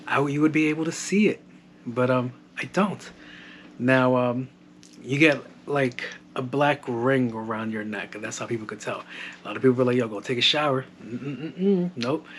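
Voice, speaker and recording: A man's voice: medium pitch, a bit bright. Man, podcast host, casual solo chat, joking, swears a lot, home mic, faint household noise behind. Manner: loose, joking, swears freely. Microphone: modded home microphone. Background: household background noise.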